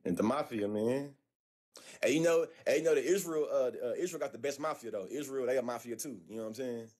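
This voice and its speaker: Heard over a video call, an American man streams a casual chat with strangers online. He talks fast in loose slang, stammering and restarting often, with a mid-range, slightly mellow voice.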